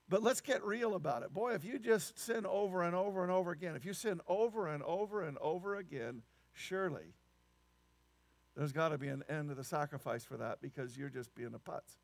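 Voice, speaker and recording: A man preaching a sermon, animated and emphatic, with incredulous asides. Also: high voice, no echo. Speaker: pastor.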